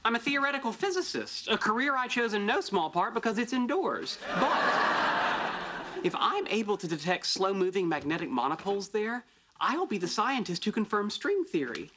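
An actor playing a pedantic, self-absorbed young physicist who talks in a precise, lecturing, oblivious way in a sitcom. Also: male voice, high-pitched, big pitch swings, normal speed, noisy background. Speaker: theoretical physicist character. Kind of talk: sitcom acting. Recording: sitcom with loud audience laughter.

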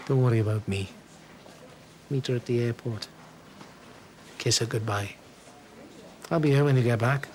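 A man's voice: mid-range voice, moderate pace, long pauses, darkish tone, slight background noise, lightly acted. An actor playing a wry, self-mocking middle-aged man who is a heart patient. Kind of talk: TV drama acting.

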